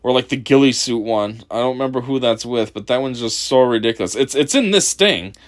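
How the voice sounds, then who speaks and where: A man's voice: mid-range voice, expressive, brisk. A man hosting a casual video commentary, mocking and profane, laughing often. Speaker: commentary channel host.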